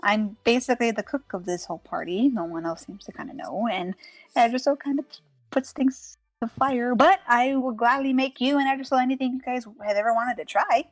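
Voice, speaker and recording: A woman's voice: a little high, brisk, dry recording, faint music behind, close to an everyday voice. Woman voicing an eager, cheerful party cook.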